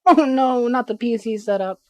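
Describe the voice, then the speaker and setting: A woman's voice: a little high, normal speed, mellow, dry recording. Chatty woman reading a novel on stream. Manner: chatty asides between reading, some stumbles. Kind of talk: live-stream read-aloud with casual asides.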